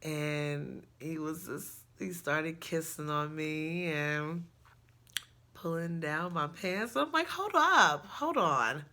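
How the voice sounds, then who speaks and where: Woman, young adult, casual storytime, slow pace, bright tone, chatty, laughs often. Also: low voice, steady tone. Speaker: storyteller vlogger.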